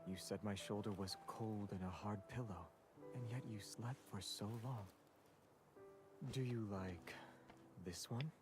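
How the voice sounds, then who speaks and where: An actor playing a gentle, quiet young male love interest in a game, speaking in a soft, hushed way. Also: lowish voice, unhurried, faint music behind, lightly acted. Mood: gently teasing.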